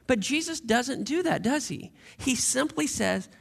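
A man's voice: very high-pitched, lively intonation, measured pace, vocal fry, few pauses, fairly bright tone. A man preaching a sermon as a pastor, telling stories in a conversational way and asking the congregation rhetorical questions.

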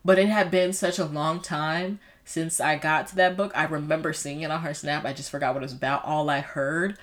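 A woman's voice: sits low, steady tone, brisk. A young woman chatting casually about books she has read, rambling along with lots of fillers and restarts. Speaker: book vlogger. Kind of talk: casual book chat.

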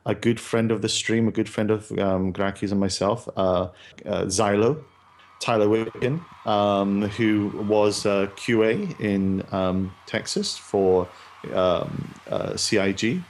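A man's voice: fairly low pitch, steady tone, slow pace, a little hiss or hum. A man co-hosting a live podcast, playful and rambling with lots of fillers and the odd swear. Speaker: podcast co-host. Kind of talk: casual chat.

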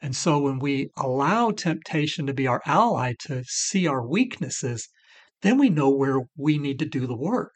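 An earnest middle-aged man shares his testimony in faith-based recovery talk as a recovery podcast co-host. His medium-pitched voice is sing-song and moves at normal speed.

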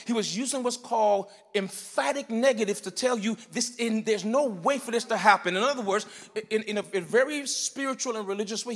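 A male pastor delivers an animated sermon in a high, lively voice. He shifts between shouted emphasis and soft, explanatory asides. The sound rings with long reverb from a church hall. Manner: animated preaching, swinging between loud emphatic bursts and quiet teaching. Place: church sanctuary.

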